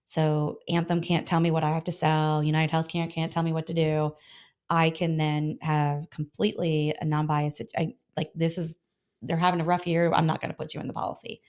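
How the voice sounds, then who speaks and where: A middle-aged woman talking quickly in a somewhat low voice, guesting on an interview show. She tells stories about her work as a health insurance broker and acts out both sides of her phone calls. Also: flat delivery, darkish tone, clear, resonant tone. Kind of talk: casual interview storytelling.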